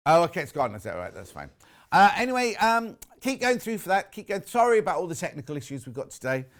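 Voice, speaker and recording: A man's voice: high-pitched, sing-song, quick pace, a bit bright. A man with a British accent presenting live on a TV shopping channel, chatting casually and reading out viewer messages. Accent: British English. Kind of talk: live TV sales chat.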